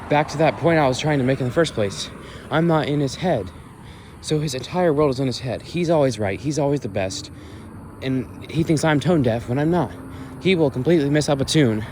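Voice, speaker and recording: A man's voice: mid-range voice, a little mellow, a little hiss or hum. A young man ranting in exasperation during a walk-and-talk vlog, recorded outdoors at dusk. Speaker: vlogger.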